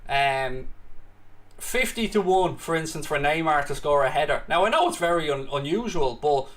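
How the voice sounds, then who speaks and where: A man's voice: a little high, lively intonation, normal speed. A man with a British accent hosting a live football watchalong, mixing play-by-play commentary with cheeky banter aimed at viewers in the chat. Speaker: watchalong host.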